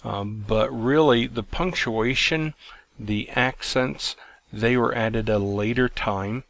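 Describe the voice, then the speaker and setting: A man teaching a recorded lesson, explaining in a plain, measured way with some fillers and restarts. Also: medium pitch, vocal fry, a bit bright, no room sound. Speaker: Greek teacher.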